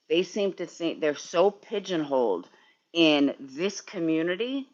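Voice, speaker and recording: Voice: mid-range voice, fairly bright tone, highs cut off. A sleepy, yawning streamer rambling and swearing in casual chat with viewers while working in a garage. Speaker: livestreamer.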